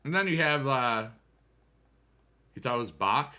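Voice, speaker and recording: A man answers his livestream chat while gaming, rambling through different topics and humming the odd tune. His medium-pitched voice is expressive, unhurried and smooth, with a sharp tone.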